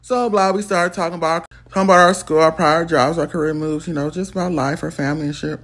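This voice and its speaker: Woman, storytime vlog, husky, profane, animated. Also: low-pitched, fast talker. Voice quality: gravelly and husky. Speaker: storytime vlogger. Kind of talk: casual storytelling.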